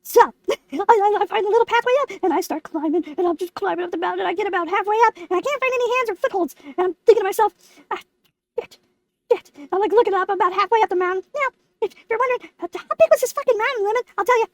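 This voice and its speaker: A squeaky, foul-mouthed lemon puppet. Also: female voice, racing, no echo. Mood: boastful. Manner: brash, profane, boastful. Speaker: storytime host. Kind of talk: comic storytime monologue.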